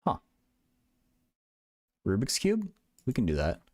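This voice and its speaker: A man's voice: mid-range voice, wildly swooping pitch, slow pace, darkish tone, no room sound, clean studio sound. A young man hosting a casual livestream, thinking aloud in a rambling way with many stammered restarts. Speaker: livestream host.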